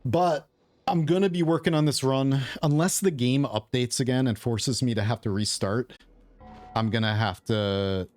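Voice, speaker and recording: A man's voice: medium pitch, moderate pace, darkish tone, dry recording, faint music behind. A man who is losing his voice, casually thinking aloud as he explains his gameplay as the host of a gaming video.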